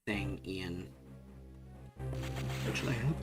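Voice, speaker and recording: A man's voice: lowish voice, unhurried, long pauses. A man giving casual, rambling commentary while playing a game on stream, swearing when surprised. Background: game music.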